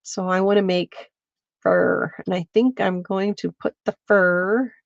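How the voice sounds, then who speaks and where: A woman's voice: medium pitch, steady tone, a little slow, vocal fry, no echo, dull audio. A woman hosting a casual livestream stitching demo, thinking aloud and greeting viewers by name. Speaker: craft show host. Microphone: streaming setup mic.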